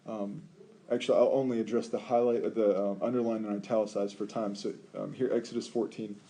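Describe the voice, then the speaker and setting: A man teaching a Bible study, talking in an animated, emphatic way with rhetorical questions and frequent ums. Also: on the low side, a little fast.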